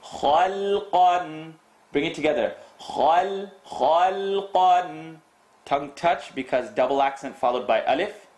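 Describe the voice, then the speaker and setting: A man teaching Quran recitation rules, reciting verses and repeating sounds slowly to correct students. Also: mid-range voice, animated, reverberant. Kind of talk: tajweed lesson with recited demonstrations.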